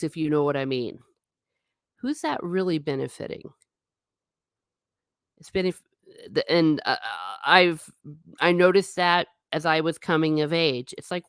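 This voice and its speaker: A woman's voice: low-pitched, a little slow, pauses often, clear, resonant tone, dry recording, studio quality. A middle-aged woman hosting a casual live stream, chatting and reading viewer comments aloud. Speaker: host.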